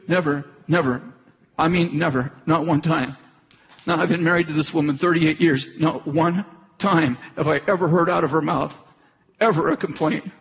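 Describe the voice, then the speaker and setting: A man's voice: on the high side, normal speed, slightly rough, in a large hall. A middle-aged man preaching, telling a personal story in a conversational, emphatic way with frequent restarts. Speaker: pastor. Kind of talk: sermon storytelling.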